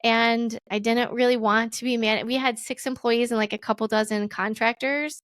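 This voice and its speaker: Woman, 30s, podcast guest; casual and animated, voices her past self with big pitch swings; dry recording. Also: normal speed, clear, resonant tone, dry recording. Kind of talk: casual storytelling interview.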